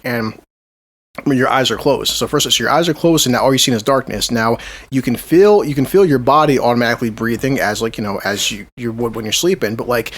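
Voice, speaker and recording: A man co-hosting a casual podcast, rambling with lots of restarts and swearing. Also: medium pitch. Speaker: podcast co-host.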